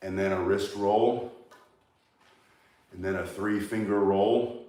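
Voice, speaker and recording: A man's voice: lowish voice, fairly even intonation, slow pace, dark tone, reverberant. A man teaching a staff-spinning lesson, coaching step by step and getting out of breath as he works out with the staff. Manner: coaching, talks while moving. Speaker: martial arts instructor. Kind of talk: demonstration tutorial.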